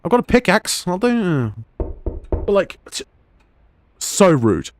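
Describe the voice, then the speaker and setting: Crude, rambling gaming streamer. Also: male voice, sits high, big pitch swings, slow pace, a little hiss or hum. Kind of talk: gameplay live stream commentary.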